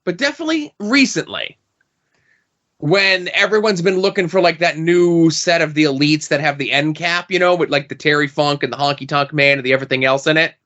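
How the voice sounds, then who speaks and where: A man co-hosting a podcast in casual chat, telling stories in an animated, profane way. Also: fairly high pitch, brisk. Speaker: podcast co-host. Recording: dull lo-fi podcast audio.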